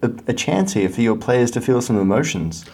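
A man's voice: medium pitch, animated, fairly quick, a little mellow, husky. A man chatting casually on a podcast, teasing and stammering through restarts.

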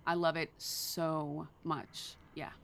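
American woman narrator, lowish bright voice, eager and self-mocking in casual chat. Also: level tone, takes it slowly, gravelly. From United States. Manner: enthusiastic, playful, self-deprecating. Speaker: audiobook narrator.

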